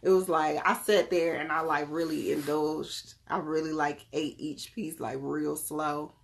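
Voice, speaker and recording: A woman's voice: low-pitched, unhurried, creaky. Chatty woman talking to her viewers. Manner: chatty, lively, often laughing; talks straight to the audience. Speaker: wellness vlogger. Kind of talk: casual chat to viewers.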